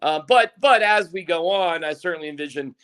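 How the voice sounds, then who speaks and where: A man who is a longtime sports radio voice, chatting as a guest in an animated, joking way and acting out his own reactions. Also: high-pitched, fairly quick, smooth. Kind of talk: casual sports chat.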